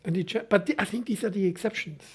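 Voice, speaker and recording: A man's voice: high voice, fast talker, husky. A man from Germany with a German accent, a film school lecturer talking in a podcast interview with many hesitant restarts.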